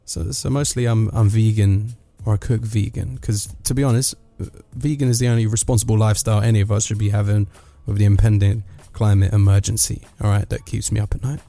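A man's voice: lowish voice, fairly even intonation, a little fast, vocal fry, few pauses, warm tone, faint music behind. A man, delivering a sardonic, rambling comic monologue full of asides.

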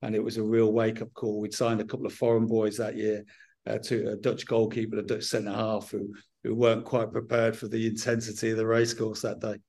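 Frank and measured in his interview answers, a middle-aged football manager from England speaks with a Southern English accent, often restarting sentences. His fairly low voice is monotone and a little mellow.

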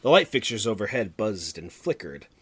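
A man's voice: lowish voice, very animated, normal speed, breathy edge. A man hosting a podcast, reading a story he wrote years ago and breaking off with laughing asides. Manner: laughs often, interrupts his own reading with asides. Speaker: podcast host reading his old story. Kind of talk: casual chat with read-aloud fiction.

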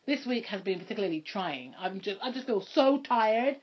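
A woman's voice: medium pitch, lively intonation, moderate pace, breathy edge. Chatty woman on a dull mic. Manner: chatty, laughs often, slangy. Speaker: podcast co-host. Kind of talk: casual chat. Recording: dull lo-fi podcast recording.

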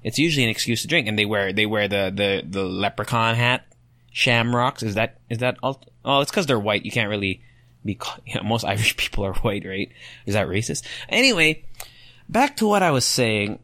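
A young man hosting a solo podcast, thinking out loud and rambling through rhetorical questions as he reads online comments. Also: fairly low pitch, animated, moderate pace, dry recording. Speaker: podcast host.

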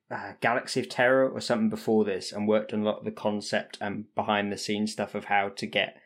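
A man co-hosting a podcast interview, talking in an enthusiastic, relaxed way. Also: fairly low pitch. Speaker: podcast co-host.

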